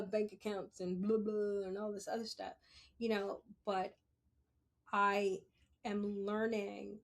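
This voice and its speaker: A woman in her forties hosting a podcast, talking casually and candidly, often laughing and correcting herself. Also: medium pitch. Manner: chatty, laughs often, self-correcting asides. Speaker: podcast host. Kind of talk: casual monologue.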